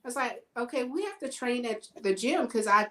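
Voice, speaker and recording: A woman tells personal stories in a loose, chatty way. She acts out the back-and-forth of her stories with lively energy, her voice sitting a bit high. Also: a little fast, low-quality recording. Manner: animated, acts out quoted dialogue. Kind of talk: casual storytelling chat.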